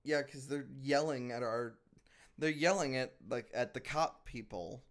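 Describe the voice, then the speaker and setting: A man's voice: medium pitch, a little slow, crowd noise. A man co-hosting a podcast in casual review chat, arguing his points and often restarting his sentences. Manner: argumentative, restarts sentences, frequent uh and like. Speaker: podcast co-host.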